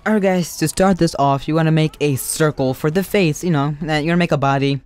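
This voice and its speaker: A man's voice: fairly high pitch, fairly quick, darkish tone, clean tone. A young man telling a storytime and drawing a tutorial in a casual, joking, rambling way. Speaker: YouTuber.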